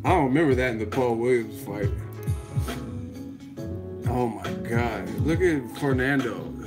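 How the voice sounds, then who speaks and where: A man hosting a live show, talking casually with a profane, animated manner and frequent laughter. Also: mid-range voice, a little slow, over music. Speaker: host.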